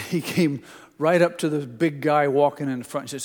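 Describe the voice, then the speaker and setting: A man's voice: a little high, normal speed. An older man, a pastor, preaching a sermon in a homespun, teasing way, telling family stories to a congregation. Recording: long hall reverb.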